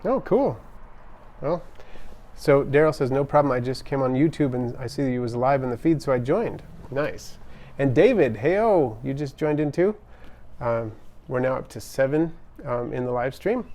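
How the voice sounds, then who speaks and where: A man's voice: mid-range voice, expressive, normal speed, a little mellow. A man hosting a casual pet livestream from home, chatting upbeat with viewers and reading their comments aloud with frequent ums and restarts. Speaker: livestream host. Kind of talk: casual live-stream chat, reading comments. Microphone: camera on tripod.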